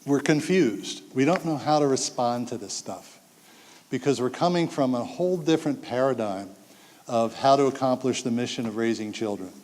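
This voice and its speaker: An older man delivers an animated public talk to parents in a hall with long reverb. His mid-range voice moves at normal speed as he tells stories, acts out quotes, and jokes with the audience.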